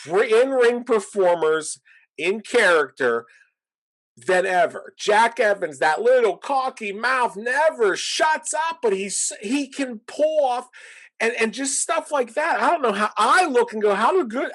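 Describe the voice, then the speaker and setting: A man co-hosting a wrestling podcast, talking in a rambling, animated way and laughing often. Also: very high voice, unhurried, rough recording. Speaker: podcast co-host. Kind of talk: casual wrestling podcast chat.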